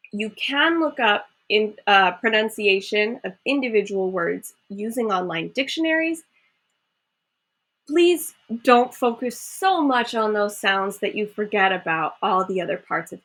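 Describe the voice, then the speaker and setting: A woman teacher giving a recorded lesson to her students, speaking in a clear, measured and encouraging way. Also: mid-range voice, expressive, a bit bright.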